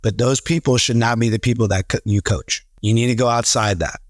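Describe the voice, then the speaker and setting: A man in a casual podcast conversation, telling stories with animated quoted voices. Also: medium pitch, fairly quick, no echo, studio quality. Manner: animated storyteller, acts out quotes. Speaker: real estate team leader, podcast guest.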